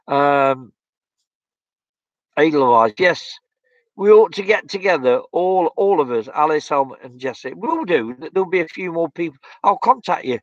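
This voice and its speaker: Reading out his live chat, a male streamer speaks a little slowly in a slightly high voice with lively intonation. His casual talk is blunt and heated, packed with fillers and restarts, and the dry, dull lo-fi sound has no echo.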